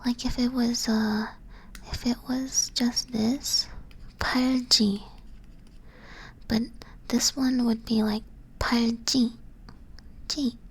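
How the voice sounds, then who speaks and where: A woman whispering softly in an ASMR stream, patiently teaching and correcting herself as she goes. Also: fairly high pitch, flat delivery, slow, slightly rough, rough recording. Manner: soft unvoiced whisper, patient, self-correcting. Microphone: close ASMR microphone.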